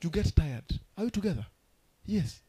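A man preaching a sermon as pastor, emphatic and rousing, with sudden loud outbursts. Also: high-pitched, very animated, moderate pace, slightly rough.

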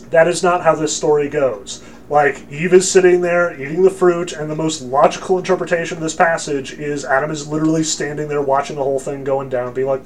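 Chatty male lecturer, emphatic and joking, slightly high-pitched. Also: brisk, few pauses. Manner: lively, joking, emphatic, with many fillers. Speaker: religion lecturer. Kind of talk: casual lecture.

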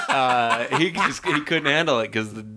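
A man's voice: medium pitch, lively intonation, unhurried, sharp tone. A man co-hosting a podcast in casual comedic chat, trading puns and playful bits. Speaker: podcast co-host.

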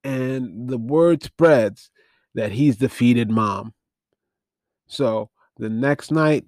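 A man with a dry, close sound who talks at an unhurried pace. He rambles through a film's plot with wry, casually profane asides as a podcast host. The delivery is loose and conversational. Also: medium pitch, darkish tone, no echo. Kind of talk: casual movie recap.

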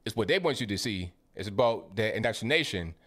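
A man's voice: on the low side, animated, fairly quick, fairly bright tone. Man reacting bluntly to viewer comments. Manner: reads comments aloud, then reacts with blunt rhetorical questions; conversational, with repeated words and slang. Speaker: livestream host reading viewer comments. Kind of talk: casual political commentary.

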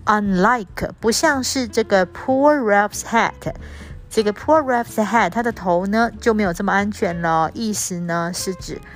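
Female teacher, unhurried read-aloud with word explanations, soft guitar bed underneath. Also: medium pitch. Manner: spells out words letter by letter, switching between languages to explain. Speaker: English teacher. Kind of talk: reading a storybook aloud and explaining words.

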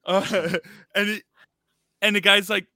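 A man co-hosting a relaxed chat show, sharing stories in an animated way and laughing often. His voice sits a little high and has a bright, forceful edge. The sound is dry and close. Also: slow pace, no room sound. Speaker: podcast co-host. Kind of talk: casual chat.

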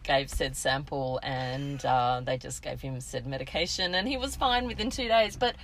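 A woman's voice: a bass voice, moderate pace, a little hiss or hum, rough recording. A middle-aged woman, co-hosting a podcast and telling a story in casual chat, laughing and acting out quotes. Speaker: podcast co-host.

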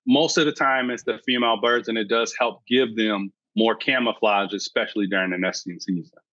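A man, a birding educator and podcast guest, telling an excitable story and acting out his own past thoughts. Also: lowish voice, fairly quick, no echo, lo-fi sound. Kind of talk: animated storytelling.

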